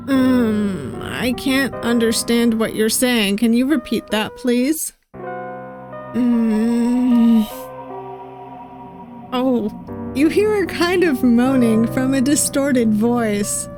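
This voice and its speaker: A woman streaming a story game, reading its dialogue aloud and musing softly between lines. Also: on the high side. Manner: musing, reads lines slowly with soft asides. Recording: game music playing behind voice.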